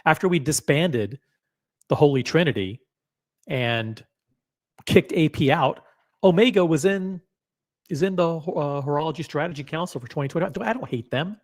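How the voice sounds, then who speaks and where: A man's voice: a little high, moderate pace, long pauses. A man hosting a live stream who reacts casually, jokes, swears and reads chat comments aloud. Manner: loose, joking, profane, reads chat aloud.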